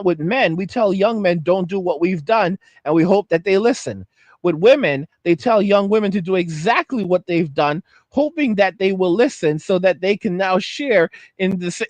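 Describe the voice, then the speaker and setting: This ranting commentary vlog features a high-pitched man speaking bluntly and angrily, frequently tripping over his words and starting sentences again. The audio is close and dry, free of any room echo.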